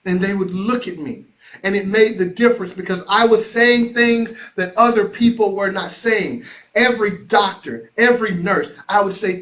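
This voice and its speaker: Brief: high-voiced middle-aged American man, motivational host, emphatic and preacherly. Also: moderate pace, fairly bright tone. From United States. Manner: preacherly, repetitive, emphatic delivery. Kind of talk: motivational talk.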